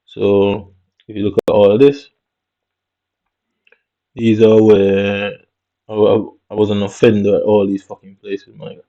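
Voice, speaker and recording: Muttering to himself as he casually comments on his screen, a vlogger from Jamaica swears and uses slang in his Jamaican accent. His lowish voice has little pitch movement, and he speaks unhurriedly with frequent pauses. The recording is dull and lo-fi.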